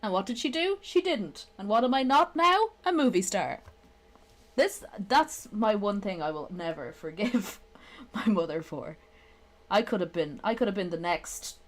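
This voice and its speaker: A young woman from Ireland with a softened Irish accent, chatting casually with friends and shifting into animated comic voices. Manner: animated, swears a lot, laughs, shifts into high-pitched comic voices. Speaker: podcast co-host. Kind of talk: casual chat.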